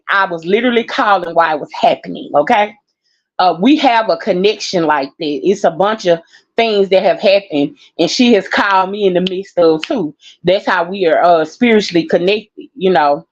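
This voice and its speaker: A woman's voice: fairly low pitch, moderate pace. A tired woman talking casually to her viewers, rambling and heartfelt, calling them y'all and laughing through her exhaustion. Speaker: vlogger. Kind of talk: casual personal talk to viewers. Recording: dull lo-fi sound.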